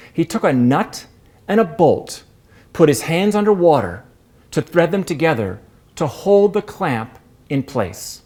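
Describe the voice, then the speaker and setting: Man telling a story on stage, super expressive, voice jumps all over the place, speeds up and slows down a lot. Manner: expressive, with wide swings in pitch and pace. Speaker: storyteller, performance artist. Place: performance space.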